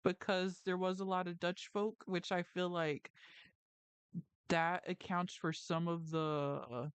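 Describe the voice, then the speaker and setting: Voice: mid-range voice, little pitch movement, slow, smooth. A livestream host around thirty who talks casually in a round, mouthful, slightly mumbled way, wandering off on tangents and correcting themselves. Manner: tangent-prone, self-correcting, frequent "like" and "you know". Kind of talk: casual rambling chat. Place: lives in New Jersey.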